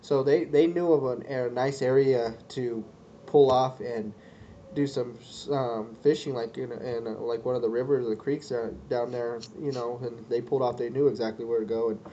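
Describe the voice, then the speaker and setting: A man's voice: mid-range voice, fairly even intonation, moderate pace, warm tone. Hesitant guy co-hosting a chat, lots of ums, muffled lo-fi sound. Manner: hesitant, full of ums and likes. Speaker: podcast co-host. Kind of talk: casual chat. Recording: dull lo-fi sound with faint noise.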